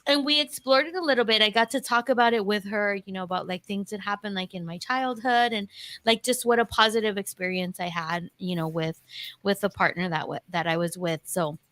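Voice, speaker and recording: A woman's voice: mid-range voice, a little fast. A woman talking as a podcast guest, telling personal stories frankly, with lots of swearing and laughter. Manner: frank, profane, animated storytelling with laughter. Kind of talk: casual candid conversation.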